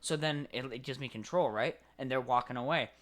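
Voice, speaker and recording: Young man, podcast co-host, casual chat, animated storyteller, mid-range voice. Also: medium pitch, brisk. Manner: animated storyteller, acts out game characters.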